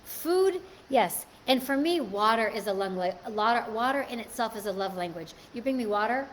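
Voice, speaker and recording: A woman's voice: a little high, fairly quick, slight background noise. A woman hosting a live stream, chatting casually and answering viewer comments. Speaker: livestream host.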